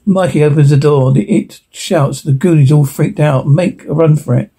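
A man narrates a film script in a mellow, slightly husky voice that sits a touch high for a man. His reading is plain and unpolished, stumbling now and then and starting lines over. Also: normal speed. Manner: plain reading with small slips and restarts.

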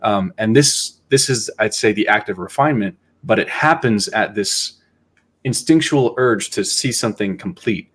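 A man hosting a casual podcast, talking in a reflective, halting way as he thinks aloud. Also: lowish voice, a bit bright, slightly rough. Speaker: podcast host.

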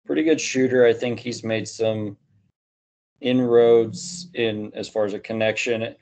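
A man's voice: on the low side, steady tone, unhurried, darkish tone. A man hosting a casual sports podcast, rambling and hedging with plenty of "you know" fillers. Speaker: podcast host.

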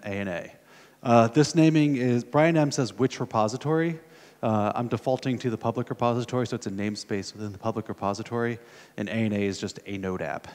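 A man's voice: on the low side, darkish tone. An American man at a conference, talking casually through a live coding demo and thinking aloud as he types. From United States. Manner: casual, thinking aloud while typing, many fillers. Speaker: conference speaker. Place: conference hall. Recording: long hall reverb from a conference room.

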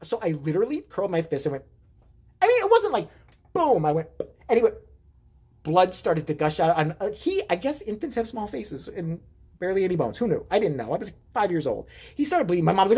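A woman vlogger telling childhood stories in a casual, profane, animated way, acting out voices with big jumps in pitch. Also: a little fast, slightly rough. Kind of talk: casual storytelling.

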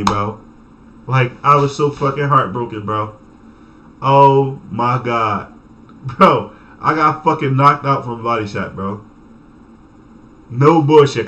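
A young man telling a story from his childhood in a casual, animated way, full of cursing and laughter. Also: mid-range voice. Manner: animated, profane, laughing, acts out voices. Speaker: vlogger.

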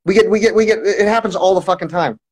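A man's voice: high-pitched, fast, poor audio. A man talking to his livestream viewers in a long, rambling monologue, full of restarts and swearing. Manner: repetitive restarts, heavy swearing.

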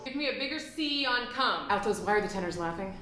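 A woman playing a fussy, exasperated high school choir director who bursts into operatic singing. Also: animated, fast, echoey room, natural voice, low-quality recording. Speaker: comedian. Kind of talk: comedy sketch.

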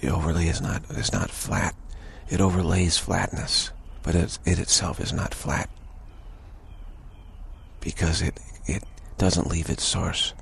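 Deep gravelly-voiced man, slow and halting. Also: steady tone, slight background noise. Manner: halting, repeats words, pauses often. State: early morning voice, clearing throat. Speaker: spiritual teacher. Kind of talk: slow contemplative spiritual talk.

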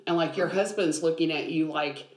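A woman's voice: sits low, normal speed. A woman biblical counselor explaining things earnestly in a podcast conversation, with frequent ums. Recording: roomy echo.

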